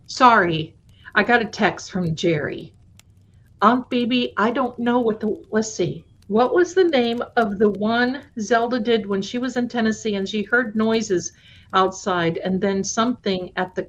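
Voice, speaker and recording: A woman host telling her own spooky stories to a live audience in a chatty way, dropping to a hushed voice at tense moments. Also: mid-range voice, measured pace. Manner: addresses viewers fondly. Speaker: storytelling host. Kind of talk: casual live storytelling. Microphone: live-stream mic. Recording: dull lo-fi stream audio.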